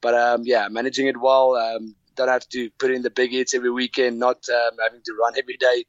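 A man from Namibia, a former rugby player chatting casually as a guest from a hotel room, relaxed and hesitant with many fillers. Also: medium pitch, fast, dry recording. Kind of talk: casual interview chat. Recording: dull lo-fi remote call.

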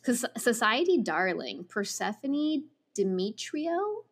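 A woman co-hosting a podcast who reads a book description aloud with expressive delivery. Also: a little high, slow. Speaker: podcast co-host. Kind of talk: casual chat and reading a book blurb aloud.

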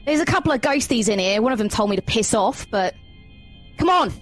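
A coaxing, breezy stranger with a wobbly put-on Cockney that keeps slipping into Australian, as a woman puts him on. The voice sits above her own and swings a lot in pitch, pushy and cheerful while urging people indoors. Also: lively intonation, a little fast, soft background music. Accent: put-on Cockney drifting toward Australian.

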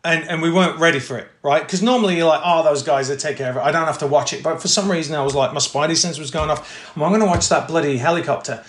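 A man, an actor telling anecdotes in a casual interview, animated and full of fillers, acting out quotes. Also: fairly high pitch, fast, few pauses. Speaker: actor guest. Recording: echoey room.

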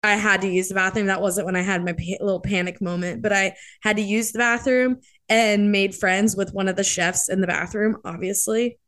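A woman's voice: medium pitch, fairly even intonation, fairly quick, hardly any pauses, fairly bright tone. A young woman co-hosting a podcast in casual chat, telling stories with lots of fillers and acting out quotes. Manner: chatty storyteller, acts out quotes, many fillers. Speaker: podcast co-host.

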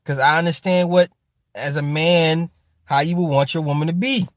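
A man's voice: fairly high pitch, moderate pace, no echo, clean studio sound. A man hosting a casual livestream, reading viewer comments aloud, swearing freely and laughing often. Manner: profane, animated, laughs often, talks straight to the chat. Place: home streaming setup with ring light.

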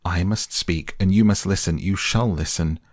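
A man's voice: deep voice, moderate pace, a little mellow, dry recording, clean studio sound. A man reading a bedtime audiobook, voicing an earnest middle-aged male painter who pleads with and reproaches a friend. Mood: urgent pleading. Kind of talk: softly read bedtime audiobook.

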